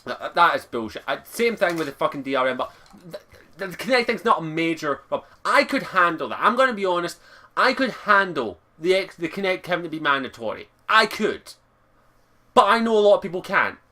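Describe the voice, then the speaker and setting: A Scottish man ranting angrily to camera from his bedroom, swearing constantly and bursting out loudly in exasperation. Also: high voice, very animated, fairly quick. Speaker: vlogger. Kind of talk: angry rant to camera. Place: his bedroom, sitting on his bed. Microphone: camera across the room.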